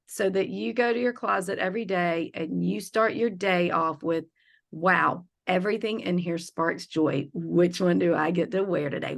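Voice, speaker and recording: A woman's voice: mid-range voice, creaky, fairly bright tone. A woman teaching a live online feng shui class, upbeat and chatty as she coaxes her students along.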